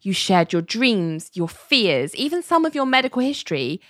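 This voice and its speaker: A woman's voice: medium pitch, normal speed, dry recording, clean studio sound. A woman casually recapping a TV episode, acting out the characters' lines and laughing often. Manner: animated, acts out quotes, laughs often. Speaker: podcast co-host recapping a TV episode.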